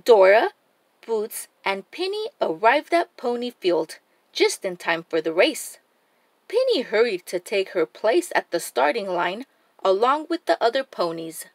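A woman reading a children's picture book aloud, her voice moving up and down with a lot of expression. She takes an unhurried pace, and the sound is close and dry. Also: mid-range voice, dry recording. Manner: expressive, animated read-aloud. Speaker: storybook reader.

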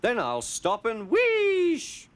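A man's voice: extremely high pitch, wildly swooping pitch, extremely slow, pitched above the performer's own voice, exaggerated voice. A man voicing a cheeky, boastful little male tank engine with a mischievous, chuckling manner.

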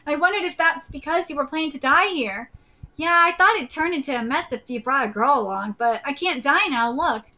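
A woman streaming a live reaction, reading a comic's dialogue aloud and breaking into shrieking, excited fan outbursts. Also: normal speed. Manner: switches between low, even reading and shrieking fan excitement.

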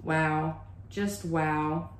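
A woman's voice: low voice, steady tone, extremely slow, reverberant, slight background noise. A woman, chatting casually and gushing as she shows off a shopping haul at home. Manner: chatty, gushing, says y'all a lot. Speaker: haul vlogger. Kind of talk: casual show-and-tell haul. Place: room at home with a bookshelf.

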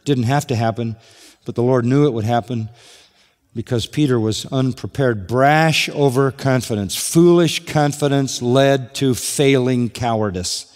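A man's voice: mid-range voice, a little slow, a little mellow. A man preaching a sermon, walking through a passage verse by verse with rhetorical questions. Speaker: pastor. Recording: long hall reverb.

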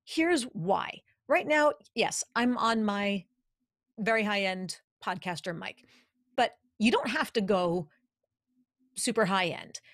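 A voice coach hosts an instructional podcast, speaking energetically, emphatically and demonstratively into a studio podcast mic in her home studio. Her pitch is medium, her pace slow, and there's no echo.

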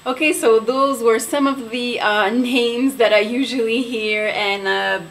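Slow, unhurried woman beauty vlogger. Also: a little high, steady tone, a bit bright, slight background noise, poor audio. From Quebec, Canada. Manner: unhurried, careful, elegant pronunciation. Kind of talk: casual vlog talk to camera.

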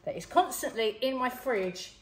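A woman's voice: a little high, lively intonation, normal speed, reverberant, a little hiss or hum. A middle-aged Englishwoman casually demonstrating a recipe in a home kitchen, explaining as she goes. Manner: chatty, explains as she cooks. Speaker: cooking show co-host.

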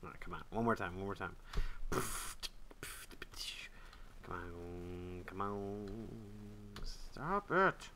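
Gamer host, male, bright and expressive, yelps then mutters, light music behind. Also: deep voice, takes it slowly, pauses often, slight background noise. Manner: excitable, swings from loud yelps to muttered grumbling; swears and trash-talks the game. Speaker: gaming channel host. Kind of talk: casual gameplay commentary.

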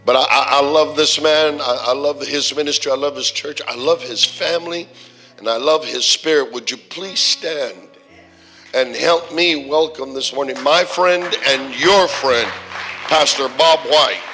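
A pastor teases and jokes with his congregation while introducing a guest preacher during the welcome of a church service. He speaks at a measured pace in a medium-pitched voice that sounds pushed and bright. The sanctuary recording carries a long hall reverb along with music.

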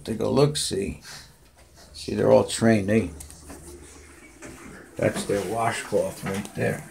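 A man filming at home, cooing to his cats in high baby talk with chatty asides, recorded on a handheld phone. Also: level tone, takes it slowly, gravelly, a little mellow, slight background noise. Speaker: cat owner filming his pets. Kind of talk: casual home video, talking to cats. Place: home bathroom, indoors.

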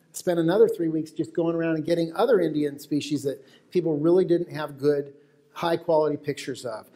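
With a mellow voice that sits on the high side, an American man gives a talk to a live audience. He's a wildlife photographer lecturing, telling stories conversationally and directing asides at the crowd.

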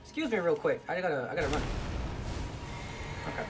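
A gamer giving let's play commentary, swearing often, grumbling low and then breaking into frustrated yells at the game. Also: lively intonation, fairly quick. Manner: profane, frustrated, bursts into yells. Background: game music.

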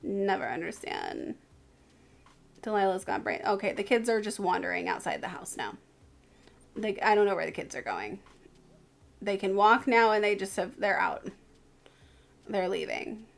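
A woman's voice: medium pitch, sing-song, moderate pace, creaky, long pauses. A tired woman streamer giving live commentary on her game, chatting to her characters as she plays.

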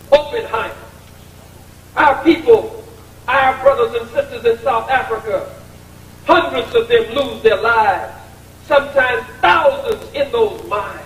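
A man's voice: very high-pitched, fairly bright tone. A man giving a combative, taunting public speech with a preacher-like cadence at a college event. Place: large college lecture hall. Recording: echoey hall recording from far off.

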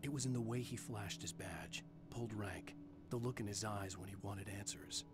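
A brooding male writer narrating his tale in a video game, as an actor voices him. His voice sits a little low and steady, and clear music plays beneath his words. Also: moderate pace, close to an everyday voice.

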